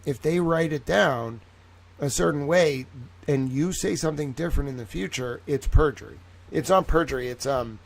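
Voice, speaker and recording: A man's voice: a little high, vocal fry, a little mellow. A man giving rambling, reactive commentary on a livestream, swearing freely.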